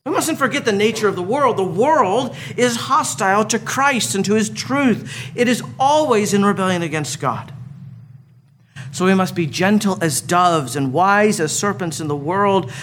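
A man's voice: sits high, animated, normal speed, a bit bright, a little hiss or hum. A man preaching a sermon as a pastor, earnest, with storytelling asides.

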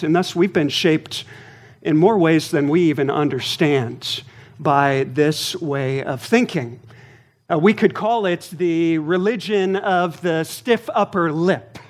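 A man, a pastor, preaching a sermon in an earnest way, repeating key phrases for emphasis. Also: on the high side.

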